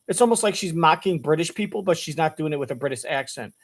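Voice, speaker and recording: Dude reacting to a clip, sarcastic, swears nonstop, voice a bit high. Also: male voice, expressive, fast, hardly any pauses. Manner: crude, sarcastic, heavy swearing. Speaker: reaction commentator. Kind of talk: profane reaction commentary.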